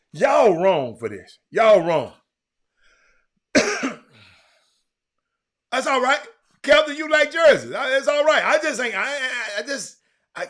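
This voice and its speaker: A man hosting a casual livestream, bantering with his chat in a teasing, animated way, often repeating and restarting his words. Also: high-pitched. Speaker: livestream host. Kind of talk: casual livestream chat reading viewer comments.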